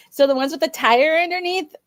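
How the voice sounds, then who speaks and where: Woman, co-host, excited casual chat, slightly high voice, dry recording. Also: moderate pace, no echo. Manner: chatty, excited, full of "I was like". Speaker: co-host medium.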